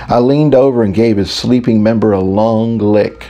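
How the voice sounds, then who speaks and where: A man's voice: lowish voice, moderate pace, hardly any pauses, warm tone. A man narrating a first-person audiobook in an intimate, reflective storytelling manner.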